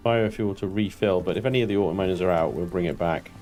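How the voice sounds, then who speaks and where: A man's voice: low-pitched, rapid-fire, darkish tone, faint music behind. A man in his thirties, chatting casually and swearing freely as he streams a game and answers chat. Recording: clear background noise.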